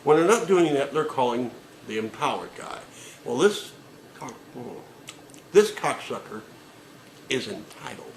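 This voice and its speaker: A man's voice: mid-range voice, big pitch swings, unhurried, pauses often, echoey room, slight background noise, poor audio. A man delivering a sarcastic, profane comedic rant with emphatic delivery.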